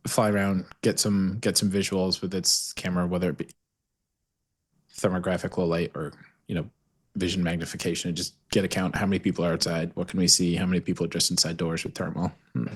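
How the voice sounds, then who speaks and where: Low husky player thinking aloud. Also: male voice, flat delivery, fast talker. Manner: thinks aloud, listing options. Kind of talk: tabletop game play.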